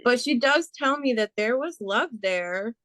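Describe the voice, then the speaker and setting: A woman serving as a spiritual medium, relaying messages in a gentle, earnest, reassuring way. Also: fairly high pitch, expressive, measured pace, no echo. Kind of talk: spiritual reading conversation.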